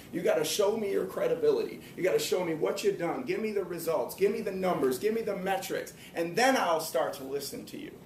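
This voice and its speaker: A man giving a personal, earnest motivational talk to a live audience, slowing down to stress his main points. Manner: earnest, emphatic, slows down to stress key points. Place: hall or room before an audience. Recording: echoey room, speaker far from mic, faint rumble.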